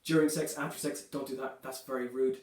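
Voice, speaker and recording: A man performing a stand-up comedy set, delivering dark jokes in a loose, chatty way, filling his lines with "you know" and "right". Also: mid-range voice, level tone, fairly quick. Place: comedy club stage. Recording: echoey room, voice from a distance.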